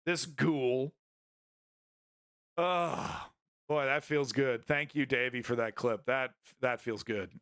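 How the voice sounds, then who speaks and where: Blunt, bright-voiced male commentary host. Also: mid-range voice, fairly even intonation, a little slow, few pauses. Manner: blunt, rambling, swears freely. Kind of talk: casual political commentary stream.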